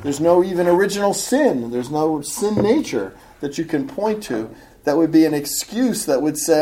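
A woman's voice: deep voice, very animated, normal speed, mellow, a little hiss or hum. A woman teaching a Bible study in an earnest, explanatory way, reading from commentators.

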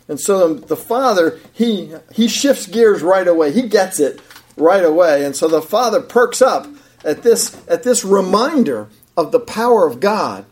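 A man preaching a sermon in an animated way, swinging between loud emphatic bursts and low, quiet asides. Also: a little slow. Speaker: pastor.

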